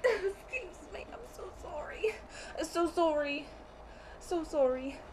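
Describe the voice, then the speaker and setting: A woman's voice: a little high, animated, takes it slowly, heavy background noise. A woman playing an overwrought female TV sales host who repeats herself constantly, in a comic sketch. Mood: tearful. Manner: repetitive, overwrought, melodramatic. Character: pushy female TV sales host with phony accent.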